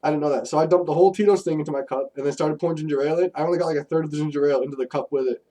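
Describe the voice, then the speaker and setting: A young man, co-hosting a podcast and telling crude, animated stories in casual chat, a bit far from the mic. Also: on the high side, very fast. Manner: profane, animated storytelling. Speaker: podcast co-host.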